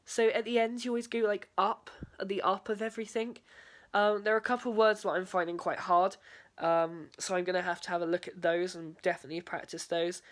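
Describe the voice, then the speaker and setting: A woman's voice: on the low side, little pitch movement, brisk. A young woman, a drama student, talking through a spoken video diary in a hesitant way, full of fillers and "sort of".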